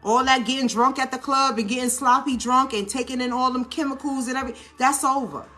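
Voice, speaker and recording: A woman with a New Orleans accent talks her viewers through a cooking vlog, animated and coaching, checking in with them every few lines. Her voice sits a little high and has a bright, forceful edge. Soft music plays underneath. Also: fast talker. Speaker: lifestyle vlogger. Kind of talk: casual cooking vlog talk.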